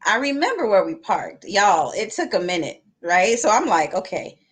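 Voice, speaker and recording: An animated young woman chats casually on a live panel. She tells her story with laughs and acts out each quoted line. Her voice sits at a middle pitch. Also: normal speed.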